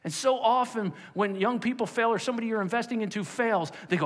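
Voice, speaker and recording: A man's voice: high-pitched, fast. Preaching man in an echoing hall. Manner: emphatic preaching, swings from loud exhortation to hushed prayer. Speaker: pastor. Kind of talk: sermon. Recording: long hall reverb.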